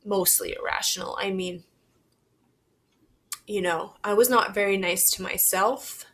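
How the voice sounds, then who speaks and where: A young woman vlogging to camera, talking in a halting, reflective and candid way, swearing casually. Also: mid-range voice, fairly even intonation, fairly bright tone. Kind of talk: personal confessional vlog.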